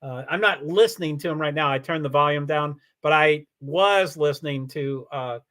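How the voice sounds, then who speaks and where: A man's voice: a little high, moderate pace, fairly bright tone. A man hosting a casual livestream, answering viewer comments in a rambling way with many restarts. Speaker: livestream host.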